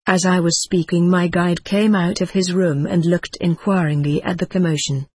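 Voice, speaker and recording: An audiobook narrator reading a first-person story in a measured, unhurried way. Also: mid-range voice, fairly even intonation, darkish tone, breathy edge, no room sound.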